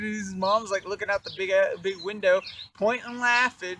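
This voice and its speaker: A young man telling a story from his own life in a casual, animated, profane way, full of fillers like "you know" and "like". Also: sits high, a little fast, recorded from a distance. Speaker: vlogger.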